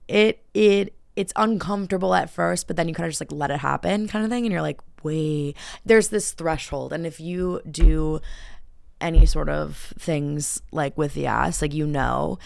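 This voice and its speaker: Young woman chatting on her podcast, low gravelly voice, rambly and animated. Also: no echo, clean studio sound. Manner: animated storytelling, heavy "like" filler, swearing. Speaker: podcast host. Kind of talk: casual chat. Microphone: camera and close mic.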